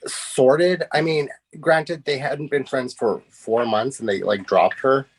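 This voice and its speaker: Halting, blunt male guest. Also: mid-range voice, steady tone, husky. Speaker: podcast guest. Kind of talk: casual film review chat.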